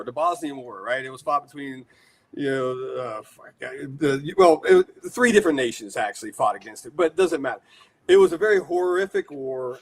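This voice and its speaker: An American man in his forties, a horror collector being interviewed, telling long rambling stories with lots of fillers. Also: fairly high pitch. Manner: animated, rambling storyteller with many fillers. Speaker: guest, horror collector and shop owner. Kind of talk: casual storytelling interview.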